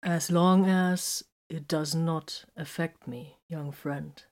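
A woman voicing a kind, earnest male captain who speaks formally, softly and slowly. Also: low-pitched, fairly even intonation. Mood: gentle. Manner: soft-spoken and slow.

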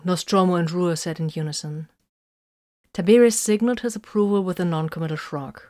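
Low-voiced woman narrating a story. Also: fairly quick, a little mellow, no echo, clean studio sound. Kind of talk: scripted narration.

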